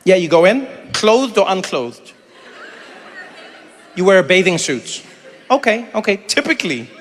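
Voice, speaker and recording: A man from South Africa working a live crowd in a stand-up set, his voice sitting high and ringing bright. He talks in lively bursts, slipping into mimicked voices and laughing with the audience. A faint hum of the room sits behind the stage mic. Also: unhurried, long reverb tail. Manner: animated, acts out voices, laughs along. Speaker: comedian. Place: comedy venue with a live audience.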